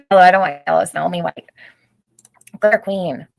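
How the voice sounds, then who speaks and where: A woman's voice: lowish voice, moderate pace, creaky, no room sound, poor audio. A middle-aged woman hosting a casual livestream, chatting, greeting viewers by name and laughing often. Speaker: livestream host.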